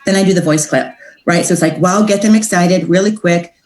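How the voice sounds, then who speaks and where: An upbeat, chatty woman talks through her sales approach like a relaxed coaching session. She slips into a brighter, higher voice when she acts out the messages she sends. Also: a little fast, reverberant, rough recording. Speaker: direct sales team trainer. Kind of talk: casual training talk.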